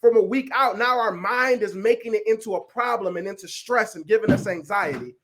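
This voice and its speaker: A man leading a resilience workshop over a video call, animated and casual, often checking in with his listeners. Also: sits high, a little fast, background noise. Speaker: workshop facilitator. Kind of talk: energetic coaching talk on a video call.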